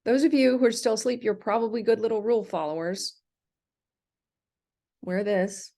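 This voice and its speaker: A woman's voice: fairly high pitch, fast talker, gravelly, mellow. A middle-aged American woman delivering a rambling, indignant vlog rant, full of ums and restarts. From United States. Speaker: vlogger. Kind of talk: ranting livestream monologue.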